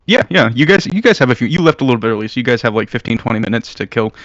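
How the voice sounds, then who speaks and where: A man's voice: medium pitch, lively intonation, very fast, a bit bright, no echo, highs cut off. A man narrating as game master in a casual, filler-heavy way.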